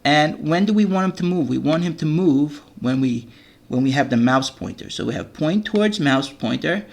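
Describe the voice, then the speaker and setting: Gravelly-voiced man teaching kids to code. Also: a little high, animated, normal speed. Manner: patient step-by-step explaining, frequent "okay?" checks. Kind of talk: screen-recorded coding lesson for children.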